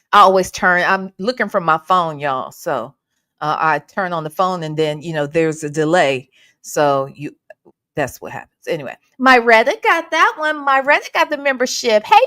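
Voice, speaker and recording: A woman's voice: mid-range voice, lively intonation, normal speed, bright, forceful tone, dry recording. A woman hosting a casual livestream, sassy and playful, greeting her viewers by name. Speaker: livestream host.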